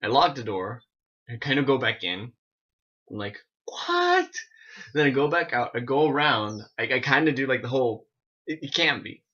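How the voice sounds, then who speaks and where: A man recording a casual storytelling vlog at home, rambling and animated, with many restarts and asides. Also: mid-range voice, fairly quick, slightly rough, lo-fi sound. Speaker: vlogger.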